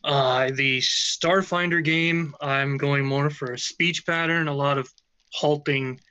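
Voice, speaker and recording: A man guest chatting casually, self-deprecating and halting. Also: fairly high pitch, steady tone, pushed and bright, smooth. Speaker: guest, player. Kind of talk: casual chat. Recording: dull lo-fi, dry sound.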